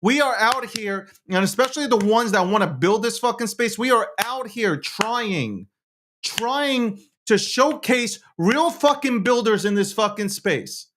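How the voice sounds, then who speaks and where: A man's voice: high voice, lively intonation, a little slow, a bit bright, a little hiss or hum. A man hosting and producing a live show, talking in a heated, repetitive way with heavy swearing.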